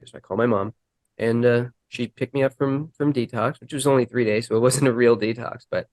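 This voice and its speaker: A man candidly recounting his recovery story in an interview, earnest and halting, acting out the dialogue he quotes. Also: mid-range voice, darkish tone, no room sound.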